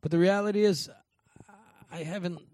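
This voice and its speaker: A man's voice: high voice, steady tone, moderate pace, a little mellow, dry recording. A man co-hosting a podcast in casual chat, loose and swearing, laughing often. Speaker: podcast co-host.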